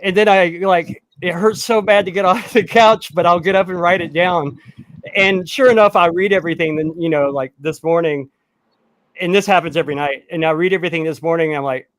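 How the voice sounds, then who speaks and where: High-voiced rambling man, dry sound. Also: fairly quick, a bit bright, no echo. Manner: rambling, self-mocking storyteller. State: post-surgery, short on sleep. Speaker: guest. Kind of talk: casual chat.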